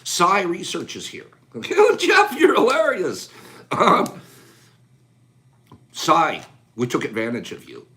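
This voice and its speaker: A man hosting a casual live chat, calling out items rapidly in a playful, animated way and joking with viewers indoors. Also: high-pitched. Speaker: livestream host.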